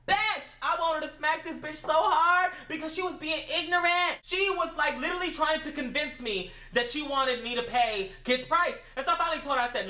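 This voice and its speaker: A woman tells a story straight to camera, sassy and foul-mouthed, throwing herself into every beat of the retelling. Her voice has a bright, forward edge, and the room around her echoes noticeably. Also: sits high, a little fast, hardly any pauses. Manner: sassy, profane, animated retelling. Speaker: vlogger. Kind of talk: casual storytime rant. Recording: roomy echo.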